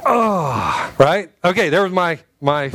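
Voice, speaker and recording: A man's voice: high voice, normal speed. A man preaching to a congregation, telling a funny personal story with lots of restarts and acted-out groans. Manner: animated storyteller, acts out groans and quotes, many restarts. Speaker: pastor. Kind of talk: sermon with humorous personal story. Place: church sanctuary before a live congregation.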